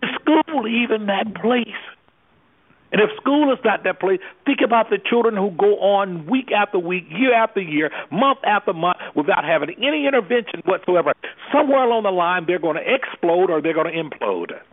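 Husky high-voiced man on a phone line. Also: animated, normal speed. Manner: preacherly, repeats rhetorical questions. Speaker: anger management specialist. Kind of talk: impassioned talk on a call-in discussion.

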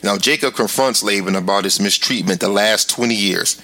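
A man teaching a verse-by-verse Bible lesson. He explains casually with many filler words and slows down to read scripture aloud. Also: on the low side, sharp tone.

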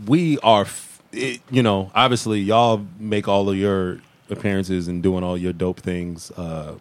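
A man's voice: sits low, steady tone, a little slow, no room sound. A man hosting a music podcast, talking loosely with lots of fillers and restarts. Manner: laid-back, rambling with fillers and laughs. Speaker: podcast host. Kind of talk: casual interview.

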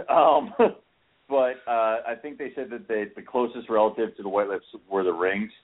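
A man's voice: fairly low pitch, steady tone, moderate pace. A man co-hosting a podcast in casual chat, rambling and self-deprecating, with casual swearing. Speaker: podcast co-host. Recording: tinny phone-like audio.

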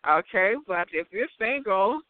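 A man rambling through a casual monologue, giggling often and breaking into high laughs. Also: animated, measured pace, no room sound. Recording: tinny phone-like sound.

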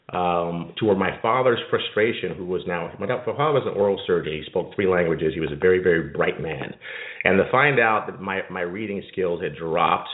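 A middle-aged man from Jamaica, a diet coach hosting a live call, telling a personal story in an earnest, rambling way with many repeated words. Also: sits low. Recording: tinny phone line, echoey.

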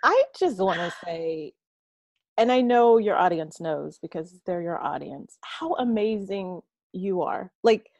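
A woman's voice: fairly low pitch, expressive, unhurried, a little mellow, no echo. A woman guest on a podcast, effusive and emotional, talking with an old friend. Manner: effusive, emotional, laughs often. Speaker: guest, energy healer. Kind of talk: casual chat.

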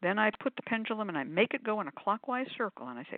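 A woman's voice: very animated, quick pace, no room sound. An older woman hosting a call-in show, explaining things in a chatty, demonstrating way with plenty of ums, now and then putting on quoted voices. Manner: acts out quoted voices with sudden pitch jumps. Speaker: host of call-in spiritual show. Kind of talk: casual panel discussion. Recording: phone-like narrow audio, dry.

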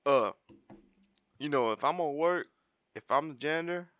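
A man trading crude jokes on a podcast. His voice is bright and tight, the pitch moves a lot, and his talk is slangy and full of swearing. The sound is dry. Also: animated, moderate pace, dry recording. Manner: profane, joking, slangy. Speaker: podcast co-host. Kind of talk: crude casual banter.

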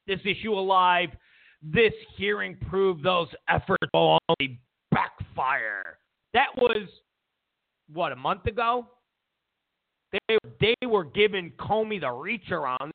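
A man's voice: high voice, gravelly. Sarcastic man ranting over a tinny line. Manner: sarcastic and mocking, stammers and restarts, mimics opponents in exaggerated voices. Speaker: political commentary show host. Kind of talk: casual ranting political commentary. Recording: tinny phone-like lo-fi sound.

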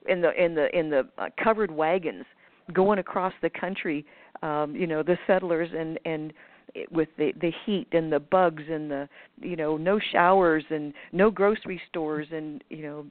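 A lower-voiced woman talks through her ideas in a loose, rambling way, full of fillers, restarts and quick acted-out asides. Her voice comes through a tinny, dry phone line. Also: dry recording. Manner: acts out others' voices in quoted asides. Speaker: guest speaker on manifestation. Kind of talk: conversational explanation over a call.

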